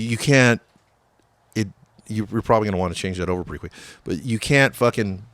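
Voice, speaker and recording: Low-voiced profane storytelling man. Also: a bit bright, no echo. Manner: profane, rambling, acts out quoted dialogue. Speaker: guest musician. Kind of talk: casual storytelling interview.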